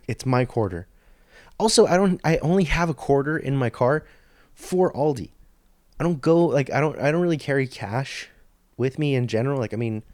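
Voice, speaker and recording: A man's voice: medium pitch, a little mellow, no room sound. A man hosting a podcast, telling a story in a rambling, profane, stop-start way into a studio microphone. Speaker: podcast host. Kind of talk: casual storytelling monologue.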